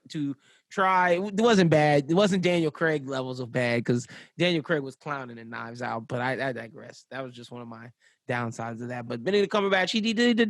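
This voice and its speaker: Casual male podcast co-host, slangy, a bit high, dry close sound. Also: no room sound. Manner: laid-back, slangy, rambling with restarts. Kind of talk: casual chat.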